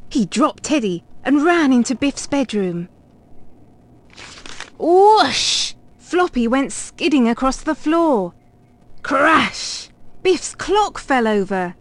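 Reader: woman, children's picture book read-aloud, unhurried, slightly high voice. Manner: clear, expressive read-aloud. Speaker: storybook reader.

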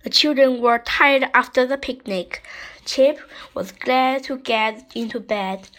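A woman with a high, light voice reads a children's picture book aloud. She takes it slowly and carefully, stumbling now and then over a word. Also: fairly bright tone, rough recording. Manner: slow, careful reading with small slips. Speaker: storyteller. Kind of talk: children's storybook reading.

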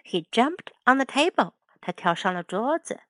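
Bright-voiced woman reading a bilingual storybook. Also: a little high, big pitch swings, moderate pace, dry recording. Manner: reads each line in English then Chinese. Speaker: English teacher.

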